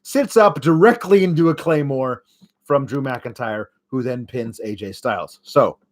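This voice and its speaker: A man's voice: medium pitch, a little slow. A young man hosting a podcast, giving a casual, sarcastic wrestling recap and mocking the wrestlers as he goes. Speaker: podcast host.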